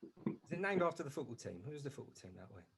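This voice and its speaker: A man's voice: mid-range voice, sing-song, fast talker, gravelly, a crowd in the background. A man co-hosting a podcast, chatting casually and trailing off as he searches for words. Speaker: podcast co-host. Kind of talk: casual chat.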